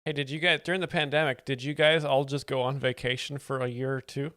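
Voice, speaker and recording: Brief: male host, smooth mid voice, dry mock-expert delivery, recorded close in a dry studio. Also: mid-range voice, quick pace, no room sound. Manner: dry, flat and matter-of-fact. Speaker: host explaining jokes. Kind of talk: deadpan mock-expert commentary.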